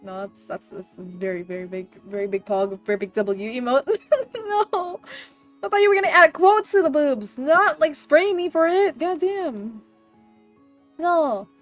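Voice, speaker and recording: A woman streamer hosting a book club, chatting casually, excitable and swearing freely. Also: high-pitched, unhurried, faint music behind. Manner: excitable, swears a lot, loud laughing outbursts. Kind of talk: casual chat.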